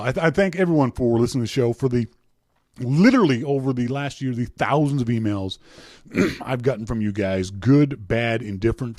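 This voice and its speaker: Reading listener emails on his casual podcast, a middle-aged man jokes, teases, laughs often and keeps restarting. His mid-range voice has a darkish tone, recorded at studio quality with no echo.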